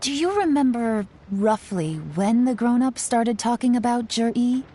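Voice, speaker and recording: A woman voicing a calm, shrewd young female traveler in video game dialogue, measured and politely formal. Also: on the high side, husky. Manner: measured, playfully formal when flattering.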